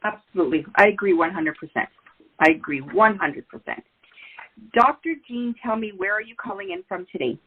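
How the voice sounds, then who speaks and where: A woman's voice: mid-range voice, expressive, a little fast, husky. A woman hosting an interview, agreeable and encouraging toward her guest. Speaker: host. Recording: tinny phone-like line.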